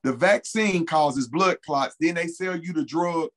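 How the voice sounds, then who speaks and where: A man's voice: on the high side, a little slow, a bit bright, rough recording. A man as an interview guest, telling a personal story in a casual, earnest way and repeating key phrases for emphasis.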